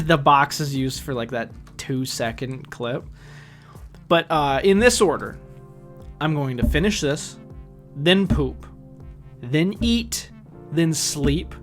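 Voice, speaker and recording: A man hosting a casual reaction video, talking in a rambling, deadpan, self-mocking way. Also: fairly high pitch. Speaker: host reacting to his old videos.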